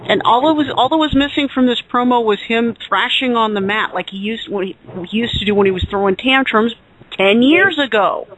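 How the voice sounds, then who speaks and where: A man's voice: very high voice, a little fast, a bit bright, a little hiss or hum, rough recording. A man co-hosting a casual podcast chat, opinionated and exasperated. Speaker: podcast co-host.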